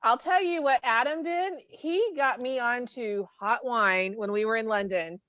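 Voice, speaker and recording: Chatty higher-voiced woman on a video call. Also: measured pace, fairly bright tone, dry recording. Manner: chatty, enthusiastic, greets each arrival. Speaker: co-host. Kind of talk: casual chat. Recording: dull lo-fi call audio.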